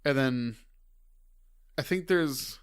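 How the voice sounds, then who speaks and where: A man co-hosting a casual movie discussion, relaxed as he recaps scenes with playful impressions. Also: medium pitch, slow, clear, resonant tone. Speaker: co-host.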